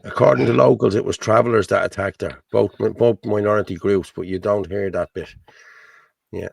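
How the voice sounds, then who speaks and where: Co-host, heavy fry, raspy, distant dry sound. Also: male voice, fairly low pitch, fairly even intonation, fairly quick, no echo. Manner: scornful, muttered asides. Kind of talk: casual live-stream chat, reading comments.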